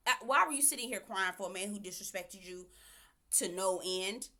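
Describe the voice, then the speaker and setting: A woman's voice: mid-range voice, moderate pace, bright, forceful tone. A woman giving sassy, emphatic commentary on a reality show, talking straight at the people in it. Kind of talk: opinionated casual commentary.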